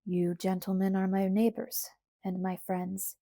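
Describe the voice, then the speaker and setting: Stern steady shopkeeper father, read by a woman, firm, measured, mellow, dry. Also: mid-range voice, no room sound, close to an everyday voice. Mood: sad.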